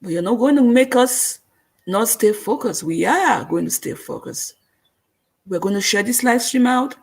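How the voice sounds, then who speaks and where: A woman's voice: a little high, a little mellow, slightly rough. A woman hosting a live stream, reading viewer comments and speaking in an earnest, repetitive way, with a noticeable accent. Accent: non-native English.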